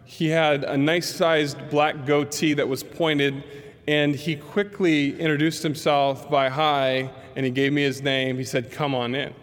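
A male pastor with a slightly high voice preaches unhurriedly, telling a story in a large hall whose long reverb lingers after each phrase. He's an animated storyteller, acting out the voices of the people in the tale.

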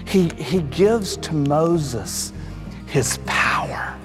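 A male preacher with a high voice delivers an emphatic sermon, dropping to a hush to drive points home and calling his listeners folks. His words ring with the long reverb of a large hall. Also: lively intonation, drawn-out words, over music. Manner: emphatic, addresses listeners as folks, drops low for stress.

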